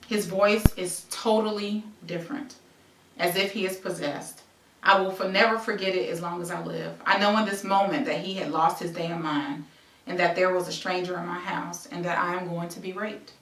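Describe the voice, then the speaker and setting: A woman's voice: fairly low pitch, fairly even intonation, normal speed, roomy sound, far from the mic, low-quality recording. A woman reading her own memoir aloud as a present-tense story, breaking off into conversational asides. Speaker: memoir author and host.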